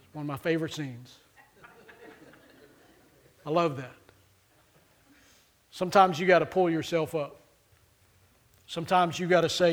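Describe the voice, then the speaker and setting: A man preaching a sermon with fervent delivery, rising to loud emphatic peaks and dropping low, acting out the voices of scripture characters. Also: normal speed, pauses often.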